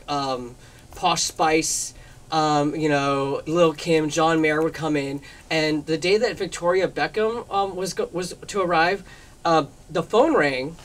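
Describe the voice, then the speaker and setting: A man's voice: a little high, a bit bright, distant mic. A man as a talk show guest, telling gossipy stories in a chatty way, laughing often and acting out the quotes. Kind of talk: gossipy storytelling in conversation. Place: public access TV studio.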